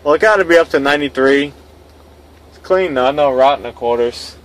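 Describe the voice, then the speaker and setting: A man's voice: fairly high pitch, a little fast, rough recording. A tow truck driver talking casually as he drives, with a griping, sarcastic running commentary. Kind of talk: casual vlog chat while driving.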